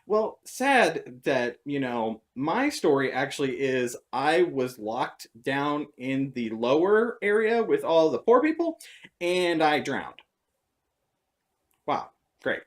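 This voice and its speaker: A woman telling stories in a casual vlog monologue, sarcastic and animated. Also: slow pace. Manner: animated, sarcastic, jumps between high and low tones. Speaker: vlogger.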